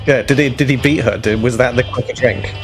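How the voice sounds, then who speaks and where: A man's voice: mid-range voice, fairly quick, soft background music. A man at a tabletop game table who chats casually and keeps his replies brief and easygoing. His voice sits mid-range. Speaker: player.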